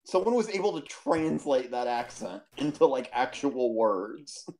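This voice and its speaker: A co-host chatting and telling stories casually on a stream, animated and quick to laugh. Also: mid-range voice. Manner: animated storyteller, laughs easily.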